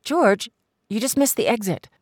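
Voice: mid-range voice, moderate pace, dry recording, studio quality, pitched above the performer's own voice, close to an everyday voice. A reader voicing an ill, emotional woman who pleads and protests in a raised, tearful voice. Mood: angry, demanding. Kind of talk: audiobook character voice.

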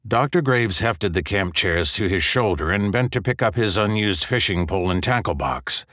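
A man with a fairly low voice narrates a novel in a measured, steady way. The sound is dry and close, with no trace of the room. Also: no room sound. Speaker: audiobook narrator. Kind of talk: scripted narration.

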